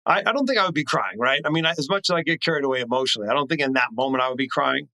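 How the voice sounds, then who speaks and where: A man's voice: mid-range voice, rapid-fire, pushed and bright, no room sound, poor audio. A middle-aged man who is a guest on a podcast, talking in an earnest, reflective way with many "you know"s. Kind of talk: casual chat.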